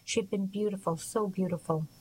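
A woman voicing a troubled, grieving grown man, speaking in a slow, halting, tearful way. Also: medium pitch, fairly even intonation, dark tone, slight background noise, natural voice, rough recording.

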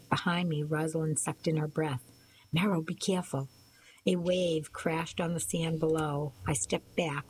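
A woman calmly narrating a first-person novel in a soft voice that at times drops to a near-whisper. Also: sits low, a little hiss or hum, low-quality recording. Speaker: audiobook narrator.

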